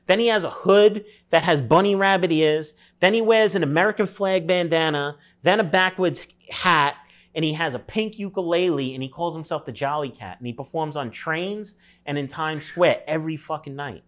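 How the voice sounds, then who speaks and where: This artist guest, a man in his thirties, has a fairly high, fairly bright voice and a moderate pace. He recounts a personal story loosely and casually, with frequent fillers and swearing.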